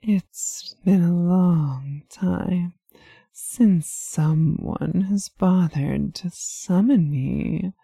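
A woman voicing a seductive, teasing female demon who speaks in a slow, purring way. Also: lowish voice, gravelly, mellow, slightly rough, no echo, clean studio sound, heavily acted.

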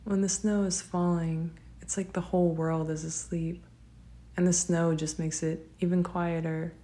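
Low-voiced woman, whispered role-play. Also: little pitch movement, a little slow. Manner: gentle, tender, laughs softly often. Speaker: affectionate partner.

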